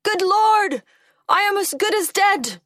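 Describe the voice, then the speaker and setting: Woman putting on a panicky old man, way higher than her normal voice, loud and wailing. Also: animated, slow pace, no echo, clean studio sound, exaggerated voice. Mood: panicked. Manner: high, strained cries.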